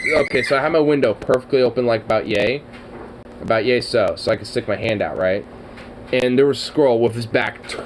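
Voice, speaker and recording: A man chatting casually as a streamer, rambling, swearing often and getting excited, with lots of fillers. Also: mid-range voice, a little hiss or hum, low-quality recording. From Oregon, US. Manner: profane, excitable, trailing off with fillers.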